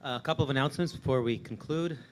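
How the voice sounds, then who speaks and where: A man's voice: mid-range voice, quick pace, a little hiss or hum. A man reading congregation announcements in a casual way, with fillers.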